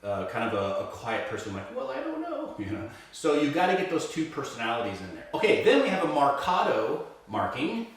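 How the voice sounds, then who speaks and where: A male violin teacher with a medium-pitched, very animated voice talks briskly and barely pauses as he works through a piece one step at a time. He explains patiently and keeps checking in with "right?" The mic is placed at a distance, giving the recording a roomy echo.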